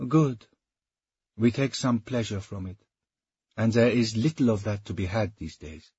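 A man's voice: lowish voice, a little slow, a little mellow, breathy edge, no echo, dull audio. A man voicing an impatient, capricious medieval king who speaks imperiously in an audiobook. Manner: imperious and petulant.

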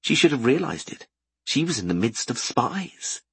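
Husky, lively male fantasy narrator. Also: medium pitch, normal speed, dry recording. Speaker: audiobook narrator.

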